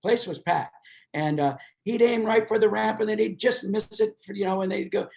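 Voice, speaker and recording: A man's voice: sits high, moderate pace, gravelly, muffled recording. An older man, a race promoter, telling anecdotes as a podcast guest and acting out the voices of the people in his stories. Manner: animated, acts out quoted voices while telling anecdotes. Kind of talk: storytelling in a podcast interview.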